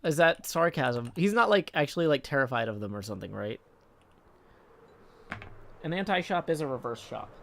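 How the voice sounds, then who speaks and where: A tired man streaming a game live, chatting casually and reading his chat aloud. He keeps dropping into soft, muttered asides to himself. A faint hiss sits under the voice. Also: fairly high pitch, lively intonation, normal speed, gravelly, long pauses.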